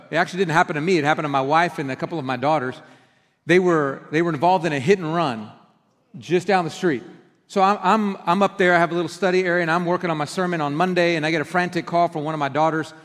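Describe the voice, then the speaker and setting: A middle-aged pastor giving a conversational sermon, telling stories and acting out quoted outbursts. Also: male voice, fairly high pitch, a bit bright. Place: church sanctuary. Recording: long hall reverb.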